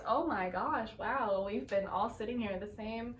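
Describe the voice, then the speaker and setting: A young female podcast co-host talks at normal speed in a fairly high voice. In this casual chat she recaps a sitcom episode, voicing the characters' lines in exaggerated impressions. Expect an echoey room, a far-off mic, and a little faint noise.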